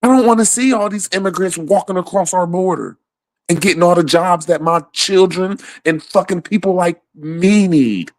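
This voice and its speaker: A man's voice: high-pitched, moderate pace, dry recording. A man ranting casually about politics, swearing a lot and laughing often between points. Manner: profane, rambling, laughs often.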